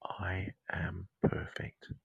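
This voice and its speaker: An Australian man hosting a counselling podcast, leading a whispered guided meditation close to the mic, slow and soothing as he repeats mantras. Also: low-pitched, monotone, vocal fry, breathy edge, no echo, highs cut off.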